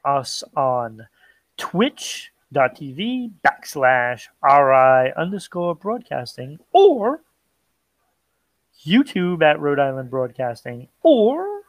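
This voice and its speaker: Chatty male podcast co-host, slow and dry. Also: a little high, huge pitch swings, no echo. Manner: chatty, plugs channels, jokes around. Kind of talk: casual chat.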